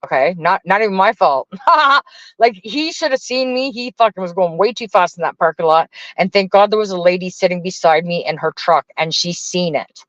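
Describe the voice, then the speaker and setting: A woman's voice: lowish voice, animated, normal speed, no room sound. Lady streamer venting, swearing nonstop, kinda dull dry lo-fi sound. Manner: profane, rambling, heated. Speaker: livestreamer. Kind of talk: casual live-stream rant.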